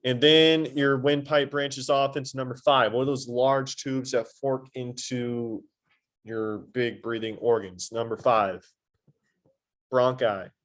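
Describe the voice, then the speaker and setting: A man teaching a high school anatomy lesson in a classroom, quizzing his students and adding playful asides. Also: steady tone, slow pace, fairly bright tone. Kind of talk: classroom lecture.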